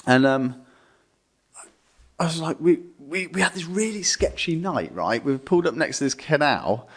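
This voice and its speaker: A man's voice: a little high, animated, normal speed, fairly bright tone, slightly rough. A young man, co-hosting a podcast and telling a story casually, swearing freely and rambling with many fillers. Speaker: podcast co-host.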